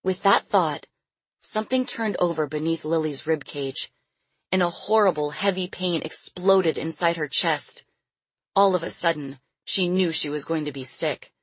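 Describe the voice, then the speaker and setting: A woman reading a novel aloud as a narrator in measured storytelling. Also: deep voice, breathy edge, no room sound. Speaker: audiobook narrator. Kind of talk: scripted narration.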